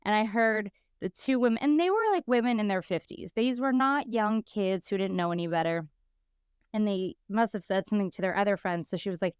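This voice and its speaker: A woman in her thirties, co-hosting a podcast, telling stories in a lively, casual way and acting out the people she quotes. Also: mid-range voice, quick pace, smooth, dry recording. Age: 30s. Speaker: podcast co-host.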